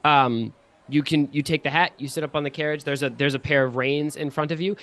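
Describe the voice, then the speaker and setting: A man narrating as game master of a tabletop game, in a relaxed way with many fillers. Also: a little high, fairly quick.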